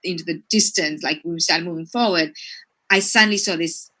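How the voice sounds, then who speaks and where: A woman from Sri Lanka, a marine biologist, telling a lively story in conversation and peppering it with "right?" and "like". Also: on the low side, a little fast. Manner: chatty, fillers like "right?" and "like".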